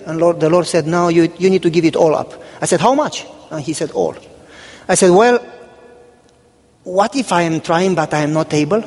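High-voiced man preaching in a reverberant hall. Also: darkish tone. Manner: humorous, acts out dialogue with God and church members. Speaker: pastor. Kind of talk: sermon with storytelling.

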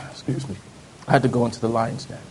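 A man telling a personal testimony in an earnest storytelling way, often dropping to soft low tones. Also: wildly swooping pitch, fairly quick, vocal fry, slight background noise. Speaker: speaker giving testimony.

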